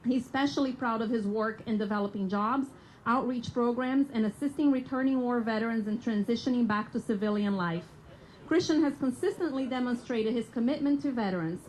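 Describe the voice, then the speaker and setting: A woman's voice: a little high, fairly quick, a little mellow, slight background noise, poor audio. A woman introducing a speaker at a rally, reading steadily with small slips and self-corrections. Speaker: event introducer. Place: outdoor rally.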